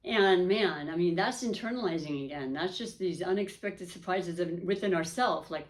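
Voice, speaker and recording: A woman's voice: fairly low pitch, normal speed, hardly any pauses. A woman giving a casual, rambling tarot reading, emotional and often correcting herself. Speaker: tarot reader.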